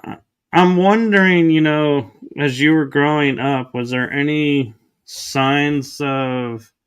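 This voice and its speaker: A man hosting a podcast, asking slow, searching questions with restarts. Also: fairly high pitch, steady tone, clear, resonant tone. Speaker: podcast host. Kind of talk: interview questions.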